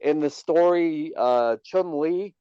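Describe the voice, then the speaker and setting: A man's voice: fairly high pitch, slow, dark tone, clean tone, no echo, lo-fi sound. A man co-hosting a casual podcast, stammering and repeating words with dry teasing. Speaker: podcast co-host.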